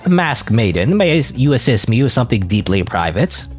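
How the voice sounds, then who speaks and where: A man's voice: mid-range voice, sing-song, moderate pace, faint music behind, close to an everyday voice. A man voicing a pompous game customer who speaks in theatrical, old-fashioned flourishes.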